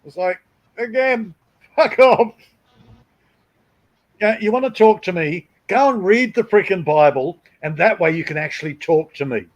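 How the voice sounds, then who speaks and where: Middle-aged aussie bloke on a live stream, kinda high voice, crude and blunt, mocks people. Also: male voice, unhurried, pauses often, rough recording. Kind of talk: casual chat.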